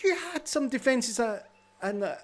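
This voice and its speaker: A man playing a tabletop role-playing game, questioning another character in an animated, joking way. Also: very high-pitched, normal speed.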